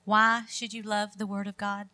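A woman's voice: mid-range voice, level tone, normal speed, pushed and bright. A middle-aged woman preaching a sermon, emphatic and quoting scripture with rising force.

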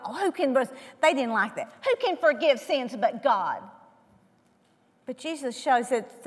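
A high-voiced woman delivers a sermon, firing rhetorical questions at her listeners. Her lines shift from loud and emphatic to hushed, nearly whispered, and her voice fades into a church hall's long reverb.

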